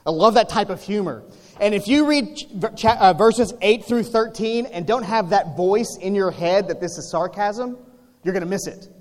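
High-voiced man preaching in a reverberant hall. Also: moderate pace. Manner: conversational preaching with rhetorical questions and humor. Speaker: pastor. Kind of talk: sermon.

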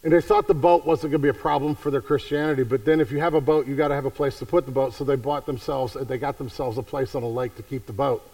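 A man preaching a sermon in a conversational way, repeating himself and swinging from hushed to fervent. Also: medium pitch, fairly even intonation, fast, few pauses, far from the mic, low-quality recording. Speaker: pastor.

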